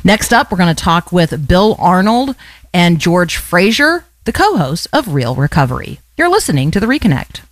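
A radio host delivers a short devotional with earnest emphasis, leaning on repeated words. The sound is dry and close, with no room around it. The pitch sits in a middle register. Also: very animated, moderate pace, no room sound.

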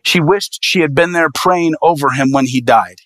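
A man, an evangelist, telling a personal story in a sermon with lively, animated delivery. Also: a little high, normal speed, dry recording. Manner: animated, lively storyteller voicing quoted people.

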